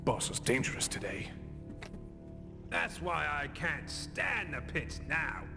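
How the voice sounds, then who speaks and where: A gruff guard grumbling about his boss in a stealth video game. The voice is bright, gravelly and slow with a lively swing, heard from far off under faint music. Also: fairly high pitch, exaggerated voice.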